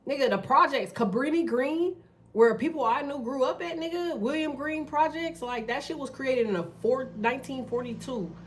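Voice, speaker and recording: A woman hosting a tarot channel, talking in a blunt, profane, fast casual rant. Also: sits high, recorded from a distance, slight background noise. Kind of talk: casual ranting monologue.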